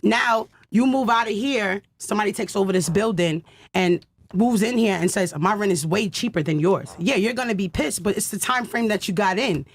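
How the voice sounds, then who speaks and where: Husky-voiced woman arguing insistently. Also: mid-range voice, normal speed, no room sound. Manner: insistent, emphatic. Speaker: panel guest. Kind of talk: heated panel debate.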